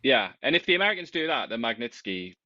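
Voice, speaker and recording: A man co-hosting a casual political chat, talking in an animated, wry way with big swings in pitch. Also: quick pace, no echo, lo-fi sound.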